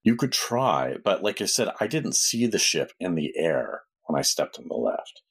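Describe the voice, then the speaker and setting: A battered, earnest guide, as a man puts him on in a tabletop game, explaining his story plainly. The voice sits very low and has a husky, slightly rough grain. He wants the party to keep moving. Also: very animated, normal speed, heavily acted.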